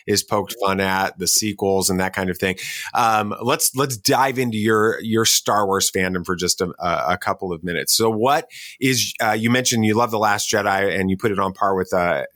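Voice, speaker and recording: Halting middle-aged male podcast host. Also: low voice, fairly bright tone, no echo, clean studio sound. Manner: halting, restarts a lot, storytelling. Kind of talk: casual interview chat.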